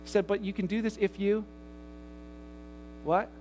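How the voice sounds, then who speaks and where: High-voiced pastor preaching conversationally. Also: male voice, measured pace, slight background noise. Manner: conversational preaching with rhetorical questions; grows loud and animated in the story he tells. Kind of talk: sermon. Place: church.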